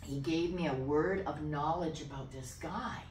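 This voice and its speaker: A woman pastor telling a personal testimony in an interview, animated, dropping to a whisper when she quotes voices. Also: deep voice, measured pace, a little hiss or hum. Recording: echoey room, distant mic.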